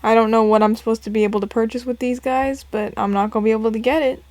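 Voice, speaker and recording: A woman's voice: fairly high pitch, fairly even intonation, fast, darkish tone, no room sound. A woman casually commenting and reading aloud while playing a puzzle game, chatty and self-deprecating. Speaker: gameplay narrator. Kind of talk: casual let's play commentary.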